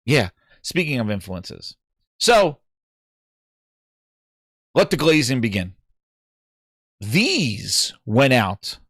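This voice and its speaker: A man with a New York accent hosting a casual gaming livestream, animated and jokey, repeating words for emphasis. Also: medium pitch, takes it slowly, pauses often, breathy edge, no echo, clean studio sound. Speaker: livestream host.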